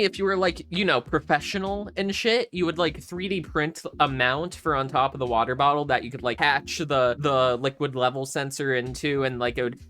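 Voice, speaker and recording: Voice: mid-range voice, bright, forceful tone. Rambling, foul-mouthed young vlogger. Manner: rambling, heavy swearing, self-mocking. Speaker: maker video host. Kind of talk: casual build vlog. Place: home room with candles.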